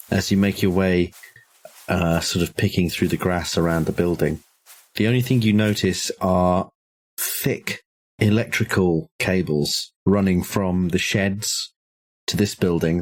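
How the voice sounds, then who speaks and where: A man running a tabletop horror game as game master, narrating in a measured, descriptive way with small hesitations. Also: deep voice, steady tone.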